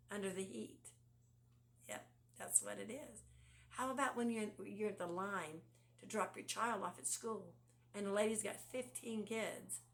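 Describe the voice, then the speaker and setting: Woman giving a hushed devotional talk. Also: medium pitch. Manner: asks the listener rhetorical questions; drops to a hushed, near-whispered delivery at times. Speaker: devotional speaker.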